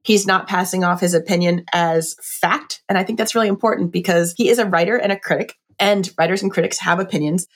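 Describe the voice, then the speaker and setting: A woman's voice: on the low side, fairly even intonation, a little fast, hardly any pauses. A woman chatting casually and enthusiastically as she reviews a wine book, often saying "like.". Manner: chatty and enthusiastic, with frequent "like" fillers.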